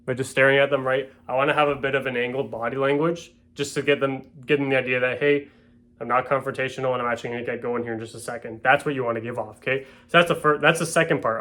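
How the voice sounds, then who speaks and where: A man's voice: mid-range voice, fairly bright tone. A man who sells real estate, at home, giving a casual spoken lesson on door-to-door sales. He keeps checking in with his listeners and acts out door-step scripts.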